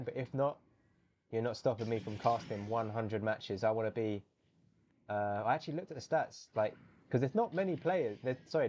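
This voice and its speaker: A young man casting a live video game match on his own, chatty and self-correcting, then jumping to loud, high exclamations on big plays. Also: lo-fi sound, a little hiss or hum. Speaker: esports caster. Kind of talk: solo live game commentary.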